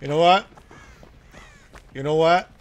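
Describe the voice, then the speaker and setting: Speaking slowly in a voice on the high side, this man plays a horror game on a live stream, with a bit of hiss or hum audible. Jumpy and chatty with viewers, he curses casually and yelps and laughs whenever something scares him.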